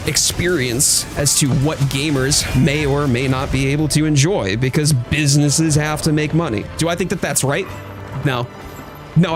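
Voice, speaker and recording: Thoughtful gaming streamer man, higher voice. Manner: thoughtful, hedging, reads chat aloud. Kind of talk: casual live-stream chat.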